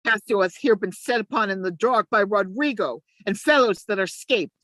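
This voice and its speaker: A woman reads the scheming male ensign's lines in an amateur play reading, veering from urgent cries to low asides. She speaks at normal speed and acts it lightly, with no echo in the recording.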